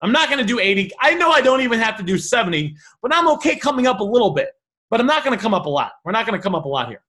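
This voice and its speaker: Bright, high-voiced man coaching negotiation. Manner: animated, quick restarts and repeated phrases, thinking aloud. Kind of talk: teaching, walking through message examples.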